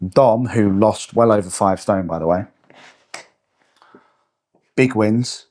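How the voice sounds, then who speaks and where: Warm in tone and fairly low-pitched, this man speaks at a normal speed and pauses often. He's a podcast host and fitness coach giving a blunt, punchy motivational monologue laced with swearing.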